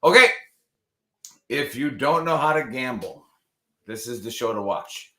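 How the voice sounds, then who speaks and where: A man's voice: mid-range voice, animated, unhurried, pushed and bright, roomy sound. A man hosting a live show in a loose, joking, rambling way, casual banter with his co-hosts. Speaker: podcast host.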